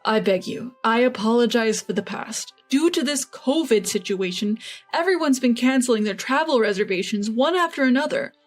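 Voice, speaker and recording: A man's voice: extremely high pitch, brisk, soft background music. A woman reading as a bullying older father-in-law. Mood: pleading. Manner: pleading then blustering.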